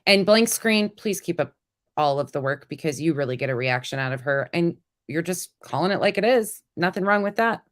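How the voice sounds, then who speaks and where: A woman hosting a casual commentary stream, blunt and sarcastic, sounding a little sick, with a lower voice than usual. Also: expressive, brisk. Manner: blunt, sarcastic, laughs at her own jokes. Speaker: commentary host.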